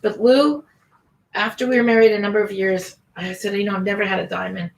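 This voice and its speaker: A woman's voice: mid-range voice, steady tone, a little fast, vocal fry. Older woman comic host, brash and bawdy, echoey room. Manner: brash, bawdy storytelling with punchy delivery. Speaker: comedian host. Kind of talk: comedic talk show chat.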